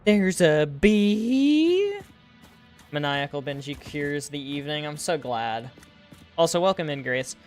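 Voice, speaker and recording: A man's voice: a little high, steady tone, moderate pace, a bit bright, soft background music. A man giving casual live-stream gameplay commentary, rambling and laughing at his own puns. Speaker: game streamer.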